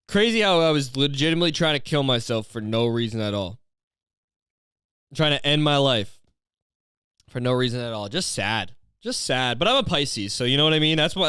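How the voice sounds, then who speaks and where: A young man from Canada hosting a podcast, rambling through a crude comedic monologue full of filler phrases and deadpan dark jokes. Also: mid-range voice, clean tone, no echo, studio quality. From Ontario, Canada. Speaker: podcast host.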